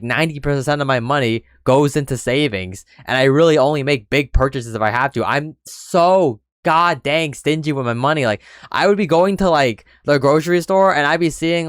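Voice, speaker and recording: Candid young man venting, smooth dry voice. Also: fairly high pitch, fairly bright tone, dry recording. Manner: candid and rambling, rising to exasperated rants. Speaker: vlogger. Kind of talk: personal talk to camera.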